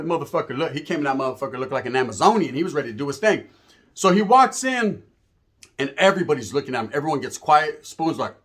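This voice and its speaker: Animated, profane man telling a story. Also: a little high. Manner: profane, animated, acts out the voices of people in his story; streetwise slang, keeps asking "right?". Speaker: storyteller guest. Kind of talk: casual storytelling.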